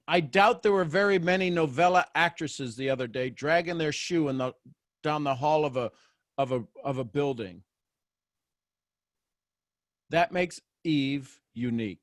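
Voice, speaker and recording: Guy with a kinda high voice doing a motivational pep talk on a video call, joking around, restarts a lot, dry sound. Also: a little slow, long pauses, no room sound. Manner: animated and joking, with frequent restarts. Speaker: host of a motivational live show. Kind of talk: motivational talk to a live online audience.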